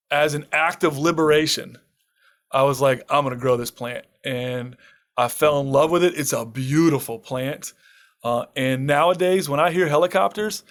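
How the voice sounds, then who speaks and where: A man whose voice is on the high side, a permaculture farmer and author, tells a dramatic story from his own life in a podcast interview. He is a lively storyteller who acts out others' lines and laughs often.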